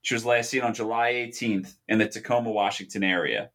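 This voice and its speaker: A man co-hosting a podcast, chatting in a relaxed, dry, self-mocking way and introducing segments. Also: fairly low pitch, brisk. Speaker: podcast co-host. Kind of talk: casual chat and segment intro.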